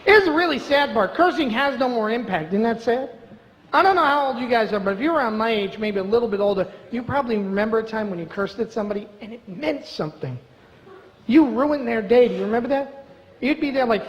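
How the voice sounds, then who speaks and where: A man's voice: extremely high pitch, lively intonation, fairly quick, slight background noise. A middle-aged man doing a stand-up comedy set in a club, brash, profane and mock-outraged. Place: comedy club stage before a live audience. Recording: reverberant club with audible ambience.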